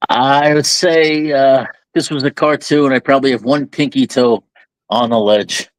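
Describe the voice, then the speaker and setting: A man's voice: medium pitch, fairly even intonation, a little slow, a little hiss or hum. A man co-hosting a candid podcast, talking reflectively and building extended metaphors. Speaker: podcast co-host. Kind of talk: candid conversational talk.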